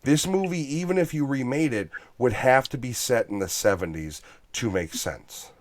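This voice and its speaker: Brief: male host, animated, profane, acts out bits, dry close sound, mid pitch. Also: normal speed, no room sound. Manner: animated, swears, acts out movie lines. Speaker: podcast host. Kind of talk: casual movie review chat.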